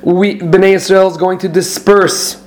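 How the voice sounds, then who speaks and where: High-voiced man teaching a Torah lesson. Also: flat delivery, a little slow. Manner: explains with restarts, quotes Hebrew and Aramaic text then translates.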